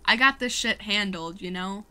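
A woman's voice: medium pitch, moderate pace, sharp tone, clean tone. A woman in her late twenties chatting casually on a gaming livestream, laughing often and swearing freely. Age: late 20s. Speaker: streamer. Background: light background music.

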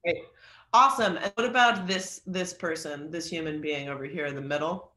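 A man's voice: fairly high pitch, moderate pace, pushed and bright, echoey room. A man teaching an online creative writing class, chatty and joking, with lots of fillers. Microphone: video call.

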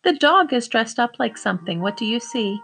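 A woman teacher reading a picture book aloud to young children, slowly sounding out words and praising them. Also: on the high side, sing-song, a bit bright, a little hiss or hum. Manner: slow, encouraging, sounds out words.

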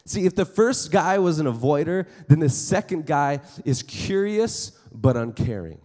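A man giving a conversational chapel sermon to students, acting out everyday scenes with quick quoted voices. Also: a little high, lively intonation, a little mellow. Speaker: chapel speaker. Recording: long hall reverb in a chapel.

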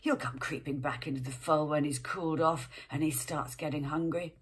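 A woman's voice: sits low, steady tone, normal speed, breathy edge. A woman playing a flippant sarcastic man. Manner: jarring laugh, offhand.

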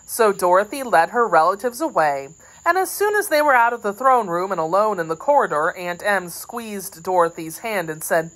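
A woman narrating a classic children's storybook in a measured, expressive way. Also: medium pitch, low-quality recording. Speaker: audiobook reader.

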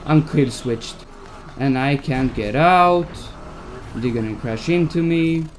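A man's voice: medium pitch, takes it slowly, a little hiss or hum. A young man giving gameplay commentary as a YouTuber, stressed and swearing as he talks to himself. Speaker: gaming YouTuber. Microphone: desk mic at a PC.

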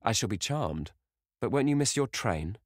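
A man voicing a vain, bored young gentleman who speaks in a languid, petulant way, lifting his voice above his own low register. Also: expressive, normal speed, no echo, clean studio sound.

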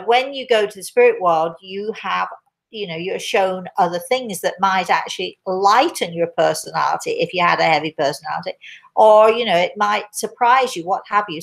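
An older woman with an English accent, a spiritual medium answering viewer questions in a gentle, rambling way with many restarts. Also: mid-range voice, vocal fry. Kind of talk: live Q&A chat.

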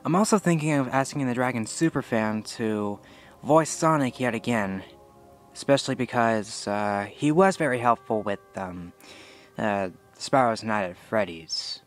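A man's voice: mid-range voice, unhurried, faint music behind. A sixteen-year-old boy giving a casual channel update, rambling with many fillers and self-corrections, unsure of himself. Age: teen. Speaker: channel owner.

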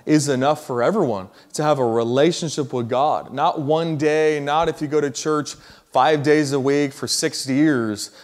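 A man preaching a sermon, telling a story in a casual, slangy way that builds to loud emphasis. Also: medium pitch.

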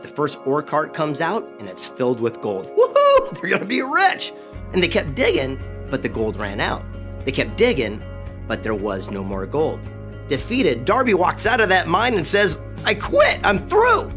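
A man narrating a story in a dramatic, animated way, acting out the characters' lines. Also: medium pitch. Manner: animated, acts out characters' quotes.

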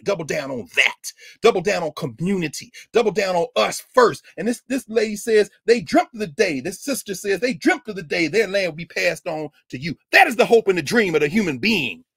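A man lecturing like a preacher, his voice sitting high for a man as he reads a children's book aloud and stops to comment. He hammers points home by repeating phrases. The sound is close and dry, with no room around it. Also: a bit bright, breathy edge, no room sound. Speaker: professor guest on a talk show.

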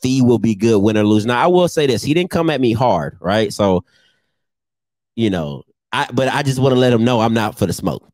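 A man's voice: medium pitch, very animated, normal speed, darkish tone, no room sound, studio quality. A man vlogging casual comedic roasts of his commenters, teasing and laughing often.

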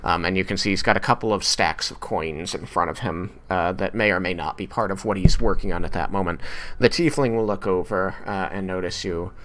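A man narrating a tabletop game as game master, halting, with many restarts and fillers. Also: deep voice, background noise.

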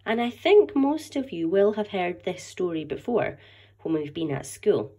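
A woman's voice: fairly low pitch, sing-song, measured pace, dark tone. A Scottish woman, a primary school teacher, patiently explaining a letter-writing lesson to young children. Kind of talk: online lesson and story read-aloud.

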